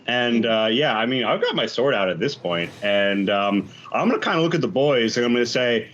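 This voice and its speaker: A man's voice: mid-range voice, normal speed, few pauses, a bit bright, highs cut off. A man talking casually as a player in a tabletop game, a little hesitant.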